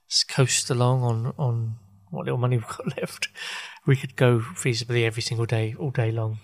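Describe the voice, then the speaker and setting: A podcast host rambles through an unscripted, casual monologue, musing aloud. He halts and restarts often, searching for words, filling gaps and correcting himself while tossing in wry asides. His voice sits at an ordinary middle pitch for a man.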